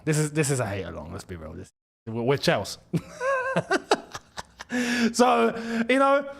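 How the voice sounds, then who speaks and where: A man hosting a live football watchalong, excitable and quick to shout and laugh. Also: high voice. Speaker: football channel host.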